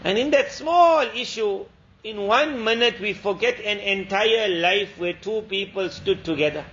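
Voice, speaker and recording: High-voiced male preacher telling a story. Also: measured pace, a bit bright. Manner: earnest, repetitive, preachy. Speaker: Islamic lecturer. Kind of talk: storytelling sermon. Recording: dull lo-fi lecture recording.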